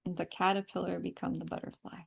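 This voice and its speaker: Woman running a tapping and affirmation session, lowish voice with some fry, calm and repetitive. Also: a little fast. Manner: calm, repetitive guiding with breathing cues. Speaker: energy healing coach leading a call.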